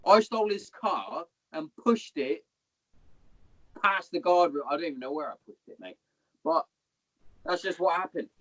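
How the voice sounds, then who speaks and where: A man from Hereford guests on a podcast, rambling through army tales with lively intonation, normal speed and long pauses. His voice is fairly high, he swears plenty, and he calls the listener "mate." No room sound, dull lo-fi podcast audio.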